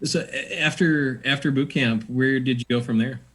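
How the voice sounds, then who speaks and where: A male podcast host puts short, easygoing questions to his guest. His voice is husky and slightly breathy, at a middle pitch. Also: normal speed, fairly bright tone. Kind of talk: interview questions.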